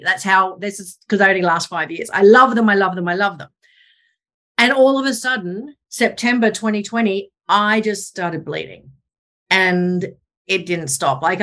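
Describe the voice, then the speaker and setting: Candid woman in her forties, video call. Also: on the low side. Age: 40s. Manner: open, animated storytelling with self-mocking asides. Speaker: podcast guest. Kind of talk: candid conversational interview.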